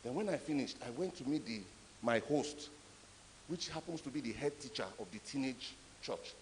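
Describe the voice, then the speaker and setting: A man giving a conference talk, an animated, emphatic storyteller. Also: mid-range voice, moderate pace, slight background noise. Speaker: conference speaker. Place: conference hall. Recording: echoey hall.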